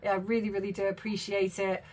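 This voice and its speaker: A woman's voice: medium pitch, level tone, a little fast, a little mellow. A middle-aged woman, chatting to her viewers in a casual, self-deprecating vlog. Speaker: YouTube commentary host.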